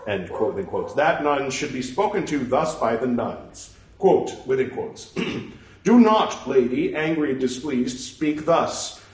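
A man's voice: mid-range voice, lively intonation, unhurried, a little mellow. A man reading a religious text aloud, speaking punctuation marks and stopping for casual musing asides. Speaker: scripture reader. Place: room at home. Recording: echoey room, mic far off.

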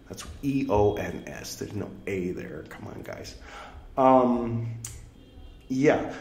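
A man's voice: mid-range voice, sing-song, slow pace, creaky. A man reading a religious text aloud and breaking off into casual, joking commentary and self-corrections. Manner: chatty asides, self-corrects and jokes between passages. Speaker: scripture reader and commentator. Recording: roomy echo.

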